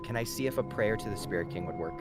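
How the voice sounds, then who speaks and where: A man playing a tabletop game on stream, reacting excitably and stammering as he talks. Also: lowish voice, rapid-fire, over loud music. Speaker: player. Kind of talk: casual tabletop game chat.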